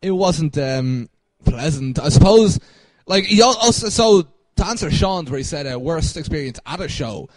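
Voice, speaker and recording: A man's voice: fairly high pitch, animated, moderate pace, hardly any pauses, dry recording. A young man co-hosting a podcast, rambling and laughing through a casual story with lots of fillers. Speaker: podcast co-host.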